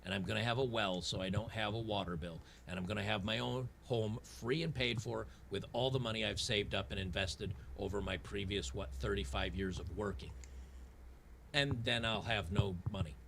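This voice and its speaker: A man in his fifties with a drawl and a gravelly edge to his voice. He rants in sarcastic, frustrated bursts, repeating and restarting his words. A faint hiss sits behind him. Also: lowish voice, fairly even intonation, moderate pace, fairly bright tone. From Tennessee. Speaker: gaming channel host. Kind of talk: ranting commentary over gameplay.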